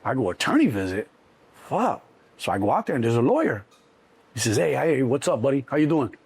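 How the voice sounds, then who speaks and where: Husky-voiced man telling a wild story. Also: medium pitch, fast talker. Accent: Chicago. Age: middle-aged. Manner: animated, acts out voices, swears freely. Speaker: interview guest. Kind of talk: casual storytelling.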